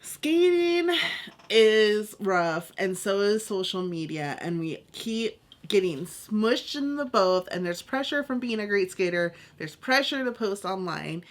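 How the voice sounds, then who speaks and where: Young woman cohost, gushy and emotional, mid pitched voice. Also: expressive, measured pace, hardly any pauses. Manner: gushing, emotional, laughs often. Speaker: podcast co-host. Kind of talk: casual chat.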